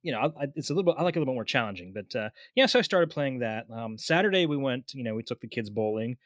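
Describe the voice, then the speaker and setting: A man's voice: mid-range voice, racing, no room sound, studio quality. A man in his thirties, co-hosting a podcast, telling a casual story and stumbling over his words a little. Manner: relaxed storyteller, repeats words as he talks. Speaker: podcast co-host. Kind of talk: casual chat.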